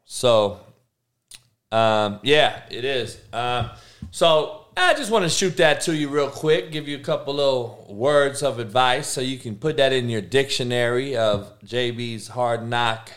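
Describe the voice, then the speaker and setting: A man's voice: medium pitch, measured pace, fairly bright tone. Profane slangy podcast host man. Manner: profane, slangy, talks back to chat. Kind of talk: casual live-stream chat.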